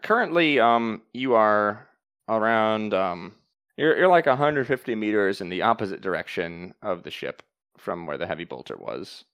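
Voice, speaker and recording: A man running a tabletop game as game master, explaining rules and narrating in a calm, matter-of-fact way. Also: on the low side, normal speed, smooth, dry recording.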